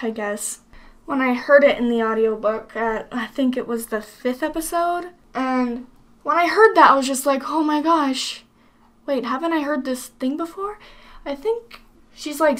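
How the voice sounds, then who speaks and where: A woman voice actor chats about her role in a loose, rambling monologue. Her voice is high and bright with a clear edge, and her talk is full of fillers and trailing asides. She sounds casual and unpolished. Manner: rambling, chatty, lots of fillers.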